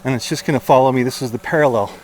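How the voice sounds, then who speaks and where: A man doing excitable, casual commentary outdoors while flying and chasing a drone, out of breath at times. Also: medium pitch, rapid-fire. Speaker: drone reviewer. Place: outdoors among trees.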